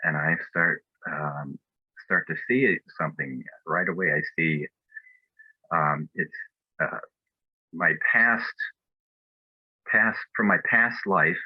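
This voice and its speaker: Low-voiced man telling an earnest story. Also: slow pace, pauses often, no room sound, lo-fi sound. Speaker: speaker at a spiritual fellowship. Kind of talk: personal testimony talk.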